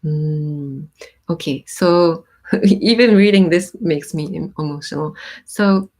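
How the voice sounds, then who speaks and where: A woman hosting a casual live stream, reading song lyrics and explaining their meaning with many pauses and "um"s. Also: sits low, a little mellow. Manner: thoughtful, pauses with many "um"s, reads lyrics aloud then explains.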